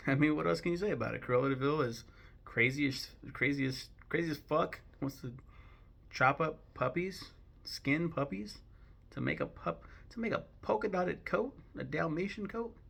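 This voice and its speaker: A young American man ranking animated films in a casual, blunt, profane and rambling way, with sudden bursts of mock outrage. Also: on the high side, normal speed, vocal fry. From United States. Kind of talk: casual opinion talk.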